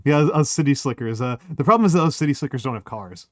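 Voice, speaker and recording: A man's voice: mid-range voice, expressive, fast, crowd noise. A man hosting a live stream, chatting casually, rambling with repeated words and frequent laughs. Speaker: streamer host.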